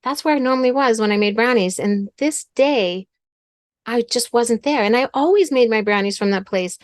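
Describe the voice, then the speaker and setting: A woman's voice: on the high side, moderate pace, no echo, studio quality. A middle-aged woman speaking as a guest, teaching earnestly through a personal story and often repeating her words.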